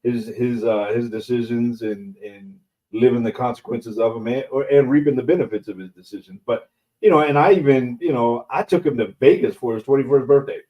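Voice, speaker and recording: A man's voice: mid-range voice, fairly quick, muffled recording. A middle-aged man co-hosting a casual talk show, speaking emphatically and often restarting phrases as he builds a point. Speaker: podcast co-host. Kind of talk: casual chat.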